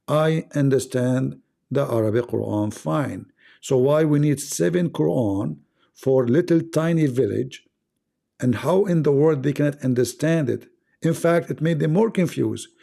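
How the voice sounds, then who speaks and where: Gravelly, combative debate host. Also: male voice, on the high side, dark tone. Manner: argumentative, interrupting, repeats phrases, broken English. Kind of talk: heated live online debate.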